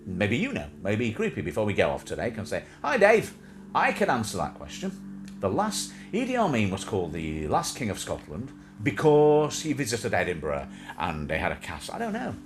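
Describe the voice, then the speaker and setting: A man's voice: fairly low pitch, wildly swooping pitch, brisk, faint music behind. A man hosting a livestream, chatting in a rambling, jokey way and wandering off on tangents. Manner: jokey, digressive, slips into silly put-on voices. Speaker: livestream host. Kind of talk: rambling casual chat.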